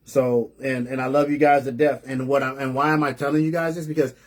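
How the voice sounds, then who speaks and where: A man's voice: mid-range voice, flat delivery, fairly quick. A man hosting a live online show, telling a story to his audience in a casual, earnest way, often repeating and restarting words. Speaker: host of a live reseller news show.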